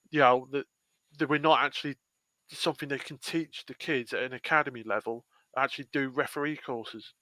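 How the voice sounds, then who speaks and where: A man's voice: mid-range voice, bright, forceful tone, no room sound. A man, co-hosting a fan podcast and earnestly making a long point in casual chat. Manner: earnest, argues a point at length. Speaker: podcast co-host.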